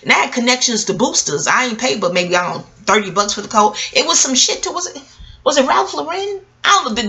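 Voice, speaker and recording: A woman's voice: medium pitch, slight background noise, low-quality recording. A woman, telling a story to her viewers in a loose, profane, slangy way. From New York. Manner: animated, profane, street slang, talks straight to viewers. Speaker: vlogger. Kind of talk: casual storytelling.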